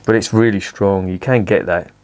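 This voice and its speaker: A man's voice: fairly low pitch, steady tone, normal speed, a little mellow, clear, resonant tone. Sweary grumbling man. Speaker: beer reviewer. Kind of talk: casual beer review vlog.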